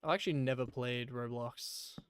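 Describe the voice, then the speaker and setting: A man's voice: medium pitch, steady tone, moderate pace, a little hiss or hum. A man chatting casually and rambling while playing a game on a live stream, with many fillers.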